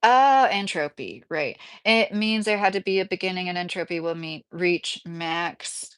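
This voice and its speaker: A woman's voice: fairly low pitch, measured pace, fairly bright tone, clear, resonant tone. Chatty woman streamer in her thirties. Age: 30s. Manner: chatty, laughs often, reads comments aloud. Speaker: livestream host reading chat. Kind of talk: casual livestream chat. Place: mobile home indoors.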